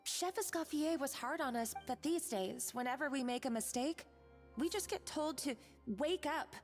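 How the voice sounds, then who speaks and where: An earnest, anxious chef. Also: female voice, high-pitched, moderate pace, soft background music. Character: anxious, loyal female kitchen chef.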